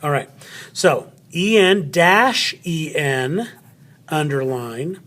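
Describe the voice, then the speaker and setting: A man's voice: fairly high pitch, expressive, slow, fairly bright tone. A man teaching a recorded spelling lesson to children, chatty and friendly, talking straight to his students.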